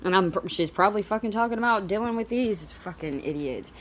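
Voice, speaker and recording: A woman's voice: mid-range voice, expressive, brisk, a little hiss or hum. A woman giving casual reaction commentary on a video, exasperated, profane and rambling.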